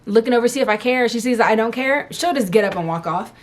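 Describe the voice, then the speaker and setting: A woman's voice: a little high, lively intonation, fast, background noise. A young adult woman at home answering viewer questions about motherhood in a candid, loose, casual chat. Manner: frank, candid, loose and chatty.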